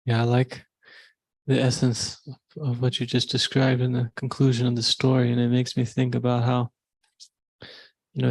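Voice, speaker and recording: A man's voice: mid-range voice, no room sound. A man in a devotional class giving an earnest, tentative reflection on scripture. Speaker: class participant.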